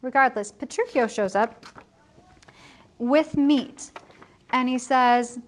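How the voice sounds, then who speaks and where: At lunchtime in a school building, a woman teacher talks her students through a plot summary in a relaxed, chatty way. She speaks slowly in a high voice with long pauses, fixing her own slips and giving the quotes a light bit of performance.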